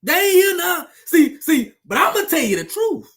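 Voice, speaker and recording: A man's voice: extremely high pitch, big pitch swings, moderate pace, a bit bright. A man delivering a heated, profane sports rant to his viewers, taunting and repeating himself for emphasis. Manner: fiery, repetitive, profane, taunting. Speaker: sports commentator with his own channel.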